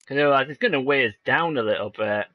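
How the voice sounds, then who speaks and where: A man's voice: mid-range voice, fast, no room sound, lo-fi sound. A man streaming a video game, chatting in rambling, joking asides. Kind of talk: casual game commentary. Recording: voice over game music.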